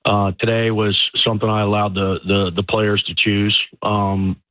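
A male football coach calls in to a radio show, his low voice coming through a tinny phone line. He talks in a relaxed way and fills his sentences with "you know" and "um". The line sounds dry and close. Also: moderate pace, no room sound. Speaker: high school football head coach. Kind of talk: phone-in interview.

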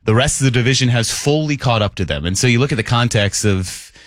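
A man's voice: medium pitch, expressive, quick pace, dry recording. A man co-hosting a morning sports radio show from a studio, joking and reading listener texts aloud in an upbeat way. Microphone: studio microphone.

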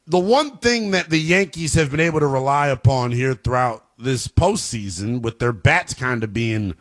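A man's voice: mid-range voice, expressive, moderate pace, a bit bright. A man hosting a sports radio show, giving emphatic, fired-up commentary and talking straight to his listeners.

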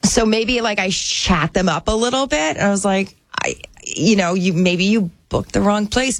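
A woman's voice: medium pitch, moderate pace, dry recording. A woman in casual chat, playful and laughing as she tells a story. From New Jersey area.

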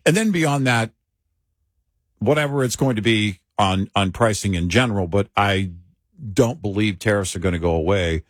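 A man with a very low voice co-hosts a political talk show. He speaks in a measured, hesitant way, often pausing and restarting. The recording is dry and close. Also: no room sound. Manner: hesitant, measured, with many fillers.

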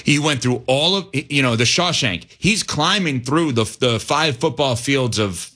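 A man with a bright, forceful voice holds forth on a sports talk panel. He reasons out loud, stacking hypotheticals and restarting sentences as he presses his point. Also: mid-range voice, measured pace. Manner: animated, thinks aloud with restarts and hypotheticals. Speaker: sports talk show host. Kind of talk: casual sports debate.

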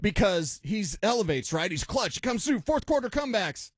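A man's voice: high-pitched, big pitch swings, moderate pace, no echo. A man co-hosting a sports talk show, giving emphatic, opinionated takes in casual debate. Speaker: sports analyst co-host.

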